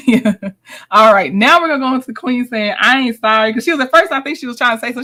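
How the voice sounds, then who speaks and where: A woman's voice: a little high, lively intonation, fast, pushed and bright. A woman hosting a live commentary stream, chatty and laughing often as she recaps clips and answers her chat. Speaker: commentary host.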